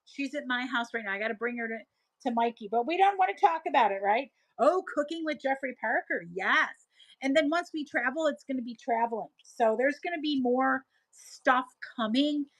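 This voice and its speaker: A middle-aged woman with a Buffalo accent chats through viewer comments on her live stream. Her voice sits a little high, and she rambles and restarts as she goes. The sound is close and dry, with no room echo. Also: animated, moderate pace. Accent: Buffalo, New York. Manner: chatty, reads viewer comments aloud and answers them; rambling, often trails off and restarts. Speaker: livestream seller host.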